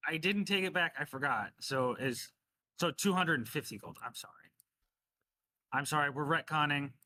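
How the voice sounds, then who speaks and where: A man's voice: on the high side, expressive, moderate pace, sharp tone. A man narrating as game master in a casual tabletop game, talking loosely with many fillers.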